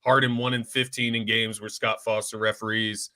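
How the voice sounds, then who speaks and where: A man's voice: lowish voice, level tone, normal speed, bright, forceful tone, no echo. A man co-hosting a sports talk show, earnest and fan-like, often stammering into his points. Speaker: co-host of a sports podcast.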